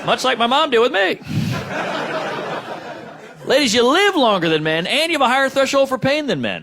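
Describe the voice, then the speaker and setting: A man's voice: very high-pitched, sing-song, fast talker, fairly bright tone. Brash profane stand-up comedian man. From United States. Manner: brash, profane, punchy delivery. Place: comedy club stage. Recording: noisy live club recording. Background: audience laughter.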